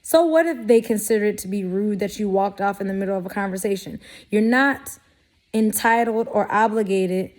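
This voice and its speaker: A woman's voice: mid-range voice, a little mellow. A woman talking straight to camera in a sassy, blunt way, giving life advice and acting out mock quotes. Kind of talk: casual direct-to-camera talk.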